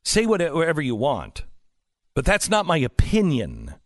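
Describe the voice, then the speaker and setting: A male talk host in a studio, voice pitched a little high and swinging widely as he presses his points. He talks in an emphatic, sarcastic way, firing off rhetorical questions. The sound is close and dry. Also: huge pitch swings, unhurried, no room sound. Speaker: political talk show host. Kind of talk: opinionated political monologue.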